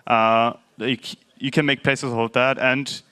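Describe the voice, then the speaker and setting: Bright-voiced pro gamer, methodical. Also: male voice, medium pitch, level tone, measured pace, clean tone. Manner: methodical, hesitant explanation. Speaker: pro gamer explaining strategy. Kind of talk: post-match interview answers.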